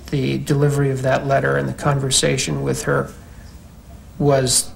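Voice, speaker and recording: A male psychiatrist testifies in court in a careful, clinical way. His voice is gravelly and flat, with little rise or fall, and faint room noise sits behind him. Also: mid-range voice, low-quality recording. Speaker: psychiatrist, expert witness.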